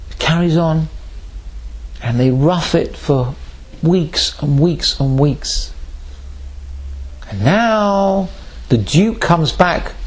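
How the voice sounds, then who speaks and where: Animated rabbi telling a parable. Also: male voice, fairly high pitch. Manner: animated storytelling, acts out voices. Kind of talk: sermon with a parable.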